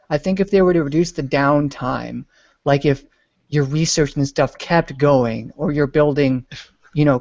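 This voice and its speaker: A man's voice: mid-range voice, a little mellow, no echo, highs cut off. A man talking loosely about a game in a casual group discussion, with fillers and jokes. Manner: rambling, joking, with fillers. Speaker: podcast panelist.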